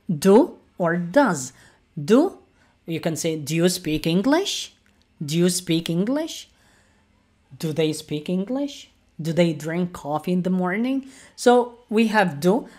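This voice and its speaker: Slow, patient woman teaching grammar. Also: mid-range voice. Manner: patient, repeats each example sentence; instructive, addresses learners directly. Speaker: English teacher. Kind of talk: online grammar lesson.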